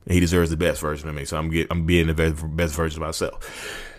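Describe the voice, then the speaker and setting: A man in his thirties with a drawl, talking fast in a low, deep voice. He rants straight to his listeners, repeating himself for emphasis and calling them y'all. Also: little pitch movement, heavy background noise. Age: 30s. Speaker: YouTube host. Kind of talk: impassioned rant to camera.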